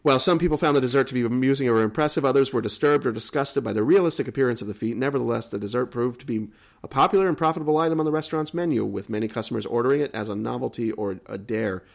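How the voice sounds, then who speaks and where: Gravelly-voiced man reading odd news. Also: medium pitch, very fast. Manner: reads in long runs, then trails off into asides. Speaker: podcast host. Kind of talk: casual chat, reading news items aloud.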